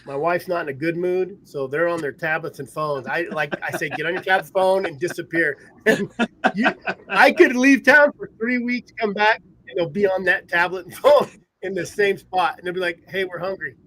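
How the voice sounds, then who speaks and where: A man's voice: high voice, moderate pace, bright, forceful tone. A rambling man, chatting casually on a podcast over a remote call. He tells his stories loosely and laughs often between them. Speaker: podcast host. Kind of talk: casual chat. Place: at home in a trailer.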